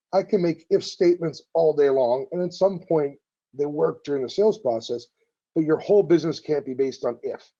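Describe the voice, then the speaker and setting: Man, webinar presenter, mellow dark voice, muffled lo-fi audio. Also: mid-range voice. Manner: conversational, acts out customer quotes.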